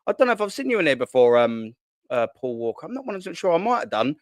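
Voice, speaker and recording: A young man, hosting a casual live stream from his kitchen at home, talking in excitable slang, swearing and repeating himself. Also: on the high side, fast talker, dry recording. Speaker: football channel host. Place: at home, sitting at a kitchen island.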